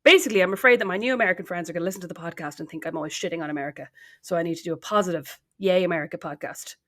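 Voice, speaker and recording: A woman's voice: lowish voice, rapid-fire, fairly bright tone. Teasing Irish woman co-hosting a podcast. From Ireland. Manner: teasing and wry. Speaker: podcast co-host. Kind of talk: casual chat.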